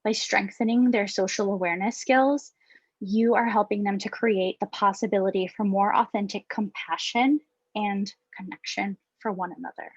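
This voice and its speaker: A woman on a video call, gently guiding a breathing and mindfulness exercise. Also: mid-range voice, moderate pace, husky, no echo. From Hawaii. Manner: calm, gentle instructing. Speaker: yoga and mindfulness presenter. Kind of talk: guided mindfulness workshop. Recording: dull, dry video call audio.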